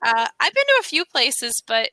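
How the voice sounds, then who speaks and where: A woman's voice: a little high, big pitch swings, moderate pace, bright, forceful tone, no room sound, rough recording. An American woman tutoring English on a video call, chatty and laughing often as she gives suggestions. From United States. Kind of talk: casual conversation lesson.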